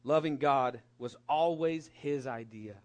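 A middle-aged man preaching a sermon to young people, animated and emphatic, dropping at times to a soft whisper. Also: mid-range voice, measured pace. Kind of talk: sermon to a youth congregation.

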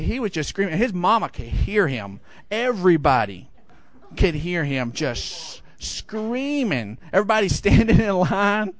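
Animated, fairly high-voiced preacher telling a story. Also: male voice, no echo. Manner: animated storytelling, rising high for acted quotes. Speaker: pastor. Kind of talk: sermon with personal story.

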